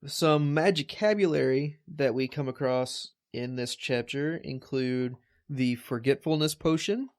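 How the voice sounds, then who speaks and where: A man co-hosting a casual book reread podcast, talking in a wry, joking way with frequent restarts. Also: medium pitch. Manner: wry, jokey, halting restarts. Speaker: podcast co-host.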